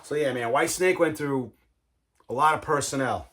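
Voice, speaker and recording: A man's voice: a little high, moderate pace, fairly bright tone. A man, casually talking viewers through his record collection, enthusiastic and loose, saying "man" and "all right" a lot. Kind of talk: casual show-and-tell vlog.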